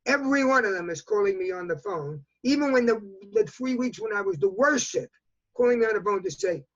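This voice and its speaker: Older man, 80s, New York accent, repeats himself for emphasis; higher voice, muffled video call sound. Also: expressive, fairly quick. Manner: emphatic, repetitive, talks in bursts. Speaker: interview guest. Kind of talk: remote news interview. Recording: dull lo-fi video call audio.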